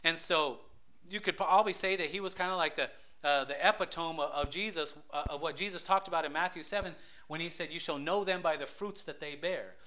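Guy preaching, kinda high bright voice, stumbles and restarts a lot then gets loud on the big points. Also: brisk. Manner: conversational storytelling, swells loud for emphasis; many restarts and stammers. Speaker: lay preacher. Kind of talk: sermon.

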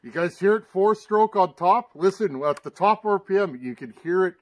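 A man's voice: sits high, expressive, moderate pace, a little hiss or hum. A man giving a hands-on workshop demonstration, talking plainly and directly to viewers as "guys," raising his voice at times. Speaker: chainsaw repair demonstrator.

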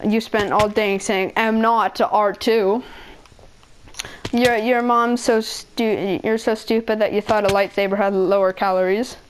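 A woman giving casual gaming commentary, trading childish insults and mock-angry rants at other players. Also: on the high side. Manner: childish trash talk and insults; playful, mock-angry ranting. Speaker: gameplay video maker.

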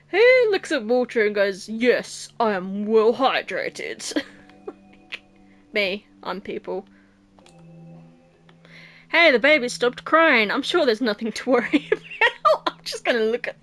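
A young woman commenting on a horror game as she plays, full of sarcastic jokes and giggles. Her voice sits a little high and swings about a lot. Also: fairly bright tone. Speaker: let's play host.

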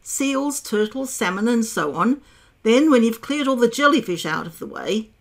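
A woman's voice: fairly high pitch, lively intonation, moderate pace, vocal fry. A woman voicing a sorrowful, tearful male sea creature in a storybook reading, mournful and sighing. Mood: excited.

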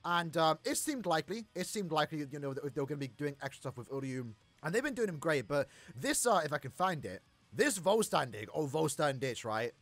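High-voiced man hyped reacting to anime. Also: a little fast, no echo. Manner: hyped, shouts and stretches out words in dismay; calmer, rambling recap afterwards. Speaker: anime reaction channel host. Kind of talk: excited anime reaction commentary.

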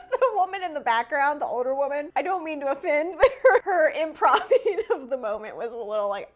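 A woman hosting a casual movie reaction video, talking to herself with quick gasps and frequent laughter. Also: sits high. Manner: excitable, gasps and laughs often, talks to herself.

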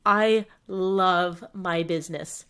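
A woman's voice: lowish voice, very slow, a bit bright, smooth. Chatty laughing young woman podcaster. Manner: chatty, laughs often, lots of fillers like "like". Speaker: podcast co-host. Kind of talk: casual chat.

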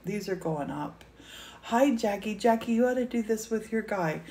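A woman's voice: mid-range voice, lively intonation, moderate pace, warm tone. A woman gushing over a gift on a livestream, tearful and exclaiming often. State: teary. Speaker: host of a painting livestream. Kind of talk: emotional casual chat. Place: indoor studio.

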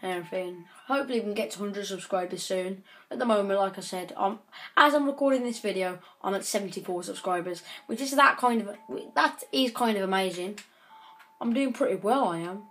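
A woman's voice: medium pitch, brisk, a bit bright. A woman giving chatty gameplay commentary, breaking into frequent frustrated outbursts. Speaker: gaming channel host.

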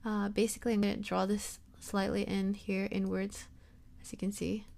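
A young woman talking casually through a software tutorial, rambling and self-deprecating, with lots of fillers. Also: medium pitch, level tone, moderate pace, vocal fry. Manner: rambling and chatty, full of fillers. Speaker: tutorial host.

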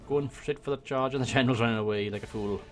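A man from Wales with a Welsh accent, giving excitable let's-play commentary on a strategy game into a desk microphone, swearing and muttering to himself as he plays. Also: mid-range voice, quick pace. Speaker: gaming YouTuber. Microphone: desk USB microphone.

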